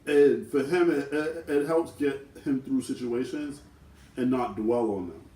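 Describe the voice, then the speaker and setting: A man's voice: medium pitch, a little slow, dark tone, far from the mic. Reflective man in an echoey room. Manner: reflective, searching for words with many "you know"s. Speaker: vlogger twin. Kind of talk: casual chat.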